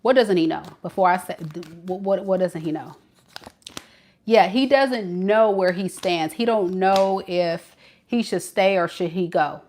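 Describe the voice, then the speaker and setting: A woman giving a live tarot reading, talking in an animated, casual and slangy way. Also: fairly low pitch, unhurried, a little hiss or hum. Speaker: tarot reader.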